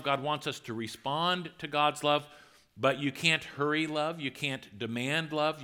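A male pastor delivering a sermon to his congregation. He talks in a relaxed, lively way and slips into voices for quoted lines. His tone is bright and crisp. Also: on the high side, unhurried. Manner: conversational, animated, acts out quotes.

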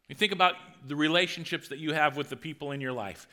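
A male pastor preaching a sermon in a conversational, animated way, acting out the quotes from scripture. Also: a little high, quick pace.

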